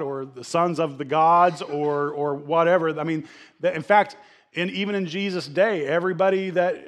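A middle-aged man preaching a casual sermon, conversational, with many fillers and restarts. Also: a little high. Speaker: pastor.

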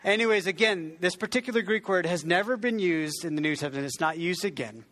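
A pastor with a high, somewhat bright voice preaches fairly quickly in a chatty, conversational style. He pokes fun at himself, restarts sentences often, and leads the congregation in repeating words.

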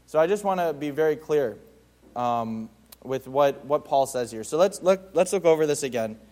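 A man with a slightly raised pitch leads a Bible study in a loose, conversational way. He leans hard on his key points and often stumbles into restarts and little fillers as he talks. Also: lively intonation, moderate pace, darkish tone. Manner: informal, many fillers and restarts. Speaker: Bible teacher.

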